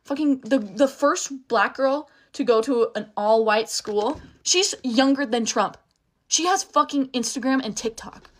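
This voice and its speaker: A young woman rants straight to her viewers in a casual vlog. Her voice sits a touch high, and she talks in a heated, profane rush, stopping and restarting as her thoughts run ahead. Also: unhurried.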